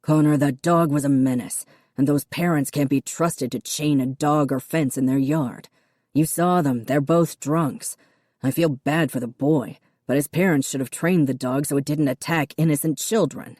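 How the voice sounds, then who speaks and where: A woman's voice: low-pitched, moderate pace, mellow, dry recording, studio quality. A woman voicing a curt, harsh father. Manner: snapping, cold.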